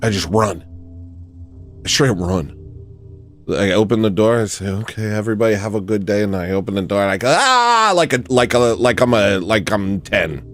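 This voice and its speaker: A man hosting a livestream, rambling through a comedic monologue and acting out shouting kids. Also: fairly low pitch, moderate pace. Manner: animated, jokey, often mimics shouting kids. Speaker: livestream host.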